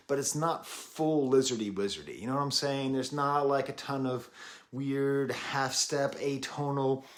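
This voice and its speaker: A man in his thirties reviewing an album, rambling and self-deprecating with jokey asides. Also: medium pitch. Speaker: music reviewer. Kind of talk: casual chat.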